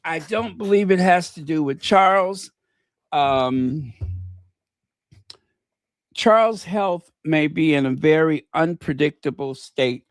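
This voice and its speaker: Give me a hesitant, slow-talking male livestream host. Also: fairly high pitch, no room sound, clean studio sound. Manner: rambling, hesitant, many fillers, reads viewer comments aloud. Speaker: channel host. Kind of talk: casual livestream chat.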